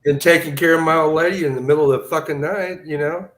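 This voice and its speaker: A man's voice: on the high side, steady tone, fast, a bit bright. Drunk laughing man, roomy sound. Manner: laughing, profane, easygoing. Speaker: guest on a live audio panel. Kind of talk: casual storytelling. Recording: roomy echo.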